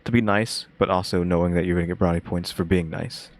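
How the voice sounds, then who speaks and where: A man chatting casually as co-host, with dry deadpan humor and rambling asides. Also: low-pitched, fast talker. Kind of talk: casual reaction chat.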